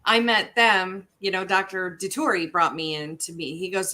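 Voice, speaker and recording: A woman's voice: on the low side, normal speed, few pauses. A woman podcast host and licensed therapist, telling an anecdote in a casual chat and acting out the quotes. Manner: animated storyteller who acts out quotes.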